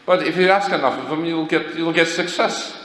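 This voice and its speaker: A man's voice: fairly high pitch, fairly quick, pitched above the performer's own voice, natural voice. A man putting on the voice of his sly, cheerful old grandfather, a ladies' man, in an echoey hall. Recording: echoey hall, faint noise.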